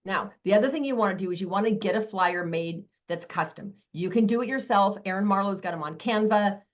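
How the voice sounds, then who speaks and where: Upbeat fast-talking woman coaching her sales team on a video call, kinda muffled lo-fi sound. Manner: fast-talking, high-energy, animated. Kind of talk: live online training talk.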